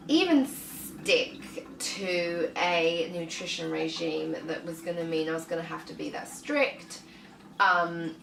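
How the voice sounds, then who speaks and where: A woman's voice: fairly low pitch, gravelly, roomy sound, recorded from a distance, a little hiss or hum, rough recording. A young British woman vlogging casually about her fitness, chatty, with lots of "um" and "like". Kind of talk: casual vlog talk.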